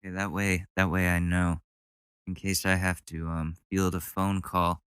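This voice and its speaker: A man's voice: sits low, level tone, normal speed, a bit bright, clear, resonant tone, no echo, studio quality. A man hosting a comedy news podcast from home, reacting to clips with sarcastic, rambling commentary. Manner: sarcastic, rambling, mocks clips with silly voices. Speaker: podcast host. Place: home room.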